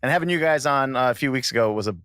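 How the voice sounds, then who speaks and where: Man, podcast guest, halting chatty delivery, mid pitch, dry close sound. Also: a bit bright, clear, resonant tone, dry recording. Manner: halting, with many restarts and fillers. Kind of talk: casual chat.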